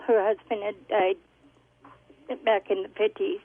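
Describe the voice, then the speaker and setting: A woman calling in to a radio show, telling a story haltingly with many pauses and ums. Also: medium pitch, level tone. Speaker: caller. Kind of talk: phone-in story. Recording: tinny phone line.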